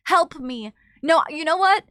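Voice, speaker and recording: A woman streamer chatting casually with her chat, apologetic and bubbly, quick to gasp and laugh. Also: sits high, animated, fairly bright tone, no room sound, clean studio sound.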